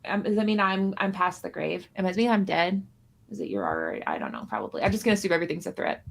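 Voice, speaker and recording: Racing along in a gravelly, expressive voice on the low side, a female streamer co-host chats casually about a card game. She rambles and is self-deprecating with a jokey edge.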